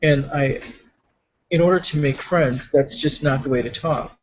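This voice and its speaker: A man's voice: fairly high pitch, a little slow, lo-fi sound, slight background noise. A man co-hosting a casual chat, rambling along with frequent restarts, fillers and trailing thoughts. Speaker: podcast co-host.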